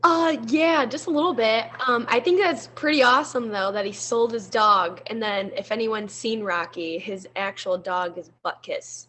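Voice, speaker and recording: Friendly young female co-host with a fairly high voice, chatting casually to viewers. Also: moderate pace, few pauses, fairly bright tone. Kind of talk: casual sign-off chat.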